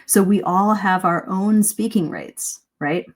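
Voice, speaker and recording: Lively woman teaching speaking skills. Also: mid-range voice, slow. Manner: lively, varies pace and emphasis to demonstrate. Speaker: English speaking coach. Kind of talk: live-stream speaking lesson.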